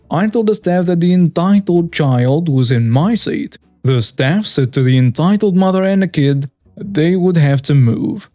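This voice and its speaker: Male narrator for story videos; steady, even read, dry close sound. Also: fairly high pitch, dry recording. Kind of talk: scripted narration.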